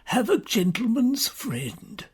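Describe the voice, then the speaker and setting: An actress playing a fussing, tipsy female agent with a husky voice in a radio comedy. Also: on the high side, sing-song, takes it slowly, heavily acted.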